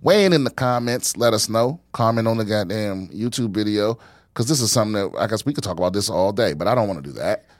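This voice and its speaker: A man's voice: on the low side, expressive, quick pace, no echo. A man hosting a casual podcast, rambling with many restarts and swearing. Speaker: podcast host.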